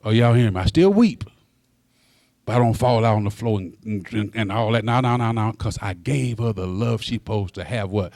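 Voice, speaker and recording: A man in his sixties preaching a sermon as pastor, folksy and direct with the congregation, his voice climbing high on emphasis and stumbling over repeated words. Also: fairly even intonation, a little fast, hardly any pauses, a little mellow, no echo, clean studio sound. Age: 60s. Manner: folksy, talks straight to the congregation.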